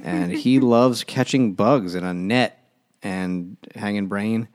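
Male podcast co-host, lowish voice, crude jokey recap. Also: slow pace, a little mellow. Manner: crude, jokey, acts out characters while recapping. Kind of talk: casual chat.

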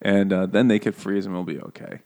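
A man with a lowish voice chatting casually about a book. He laughs a lot and slips into playful voices when he quotes the characters. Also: a little fast. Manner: jokey, laughing often, animated quoting of characters. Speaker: podcast co-host.

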